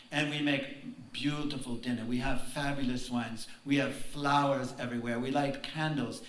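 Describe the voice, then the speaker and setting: A man telling a story on stage in slow, simple broken English, breaking into song now and then, heard from far off in a large hall. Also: medium pitch, a bit bright, slight background noise. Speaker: stage performer. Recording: roomy hall from far off, guitar behind.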